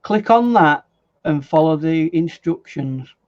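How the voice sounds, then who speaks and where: A man's voice: fairly high pitch, lively intonation, takes it slowly, darkish tone. An English man co-hosting a casual art livestream, explaining things hesitantly with stammers and restarts. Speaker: livestream co-host, artist. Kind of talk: casual chat. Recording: dull lo-fi mic sound.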